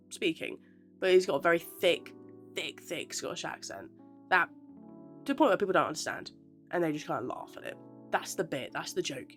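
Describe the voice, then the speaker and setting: A young woman talks casually to camera, chatty and self-deprecating. Her voice sits a little low, and faint music plays behind her. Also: fairly bright tone. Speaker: aspiring actress vlogger.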